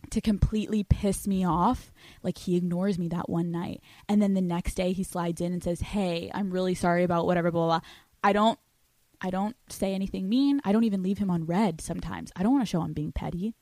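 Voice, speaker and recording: A woman's voice: mid-range voice, no room sound. A young adult woman hosting a podcast, giving blunt dating advice in a brash, heavily profane way and often acting out imagined conversations. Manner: blunt, brash, swears constantly, acts out imagined dialogues. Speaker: podcast host.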